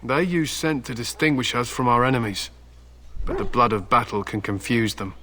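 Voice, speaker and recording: Guy doing a proud stern warrior in a game, crisp bright tone, blunt and solemn, tells old legends like it's serious business. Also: medium pitch, moderate pace, slight background noise, lightly acted. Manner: solemn storytelling, blunt threats. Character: stern proud male warrior, hound handler. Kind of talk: video game dialogue.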